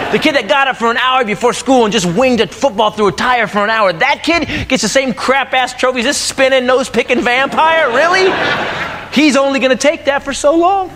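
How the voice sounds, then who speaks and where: A man doing a stand-up comedy set, ranting and shouting his punchlines on a club stage. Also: very high voice, moderate pace, background noise. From United States. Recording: live club recording, loud crowd laughter. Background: audience laughing.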